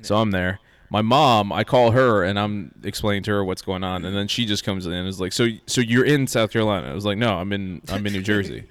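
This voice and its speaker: Low smooth-voiced man telling a story. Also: a little fast, few pauses, dry recording. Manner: animated storyteller, acts out quoted lines. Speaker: podcast co-host telling a travel story. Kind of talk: casual storytelling chat.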